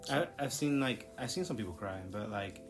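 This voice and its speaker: A man's voice: on the low side, expressive, fairly quick, over music. A young man, a podcast co-host, chatting casually in a giggly, joking, loose way. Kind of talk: casual chat.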